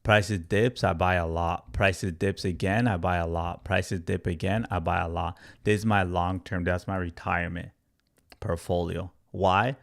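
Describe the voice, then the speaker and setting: A man's voice: low-pitched, steady tone, a little slow, gravelly. A man in his thirties, a crypto trading educator, talks casually and animatedly to a livestream chat, tagging "right?" and "you guys" onto nearly every line.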